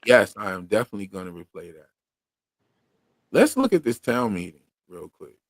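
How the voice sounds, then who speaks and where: A man's voice: on the low side, wildly swooping pitch, moderate pace, no echo. A man from Pennsylvania with a Philadelphia accent, co-hosting a loose, slangy livestream chat and reading viewer comments aloud. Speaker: podcast co-host.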